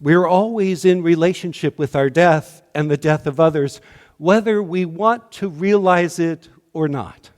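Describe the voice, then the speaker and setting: A man delivering a sermon as minister, slow and measured, his voice often dropping to a hush at the ends of lines. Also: fairly high pitch, big-room sound. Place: church sanctuary.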